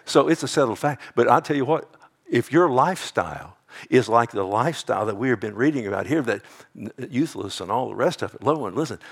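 A man preaching a sermon, swinging between hushed, drawn-out lines and loud ones, often calling out "amen" and "loved one" to his listeners. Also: mid-range voice, lively intonation, breathy edge. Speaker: pastor.

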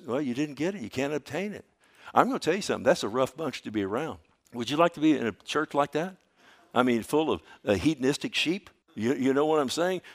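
A male pastor delivering a sermon in a middle-pitched voice. He preaches emphatically, firing off rhetorical questions and reading scripture, then drops to a hushed, slow delivery for weight. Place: church.

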